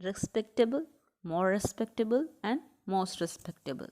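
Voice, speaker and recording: A woman's voice: medium pitch, expressive, normal speed, darkish tone. A woman teacher explaining grammar to young students, working step by step, spelling out letters and breaking words into syllables, often checking with "right?". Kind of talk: grammar lesson for children.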